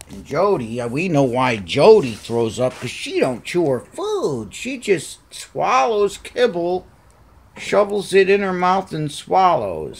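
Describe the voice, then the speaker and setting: At home by a window, a man films his pet cats and chats casually to them. His voice is fairly high and creaky as he coos baby talk at them.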